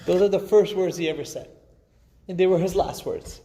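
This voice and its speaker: A man giving a Friday sermon, preaching with passion, slowing and swelling for emphasis and chanting Arabic phrases. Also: sits high, mellow, a little hiss or hum. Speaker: imam giving Friday khutbah. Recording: long hall reverb.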